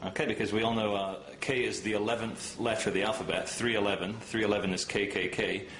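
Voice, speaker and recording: Low-ish guy interviewing, quick wry asides, roomy echo. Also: fairly even intonation, a bit bright. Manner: brief affirmations, wry asides. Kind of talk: casual interview. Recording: roomy echo, faint noise.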